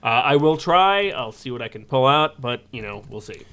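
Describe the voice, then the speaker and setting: A man's voice: mid-range voice, expressive, normal speed, a bit bright. A man hosting a casual podcast chat and reading out listener emails, rambling with many fillers and restarts. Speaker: podcast host.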